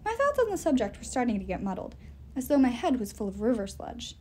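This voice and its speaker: A woman reading a novel aloud in an expressive, animated storytelling way. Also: on the high side, fast, slight background noise. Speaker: reader.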